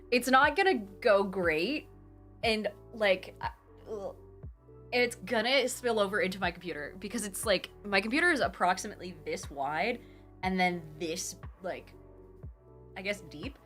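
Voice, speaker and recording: A young woman hosting a charity live stream, reading out donations and chatting with bubbly, gushing excitement from her home computer. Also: medium pitch, measured pace, faint music behind. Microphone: desktop streaming mic.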